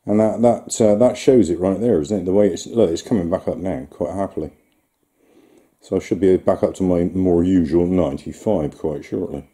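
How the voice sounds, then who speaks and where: A man with a low, very dark and mellow voice. He talks as he films himself, rambling in a loose, chatty commentary with fillers and small chuckles, as if talking half to himself and half to the viewer. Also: normal speed. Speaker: vlogger. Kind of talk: casual self-filmed commentary.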